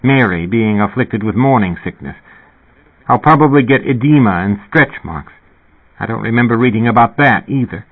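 A man's voice: mid-range voice, animated, moderate pace. A man reading the inner thoughts of a sickly pregnant woman in a sardonic, wry monologue. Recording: narrow, phone-like sound.

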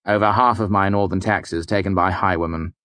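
Recorded with no room sound, a low-pitched, slightly bright male narrator reads an audiobook fairly quickly and with fairly even intonation. He voices a weary middle-aged mayor who answers brusquely, curtly, and with clear exasperation.

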